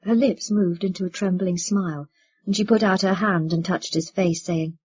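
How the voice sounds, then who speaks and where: Husky woman narrating a novel. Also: on the low side. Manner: measured, expressive reading. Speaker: audiobook narrator. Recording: dull lo-fi recording.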